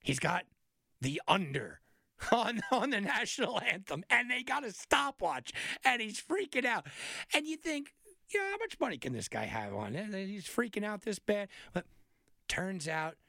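A man's voice: sits high, moderate pace, gravelly, no echo, studio quality. A man giving a casual, emphatic talk on sports betting picks, telling stories as he goes. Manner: animated storyteller, emphatic, some restarts.

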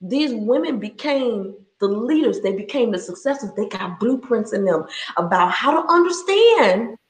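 Woman, 30s, higher voice, passionate preacherly delivery, roomy echo. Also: sing-song, moderate pace. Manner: passionate, preacherly, laughs often. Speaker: speaker sharing her story. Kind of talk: faith-based talk.

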